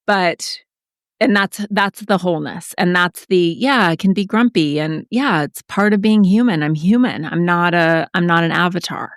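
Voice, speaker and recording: A woman's voice: fairly low pitch, moderate pace, no room sound, clean studio sound. A woman author talking as a guest in a casual interview, reflective and chatty, with many fillers like "like".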